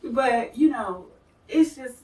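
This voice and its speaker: Animated, high, lively-voiced woman. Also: slow. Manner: animated, laughing storyteller. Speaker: guest. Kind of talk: casual storytelling chat. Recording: echoey room, mic at a distance.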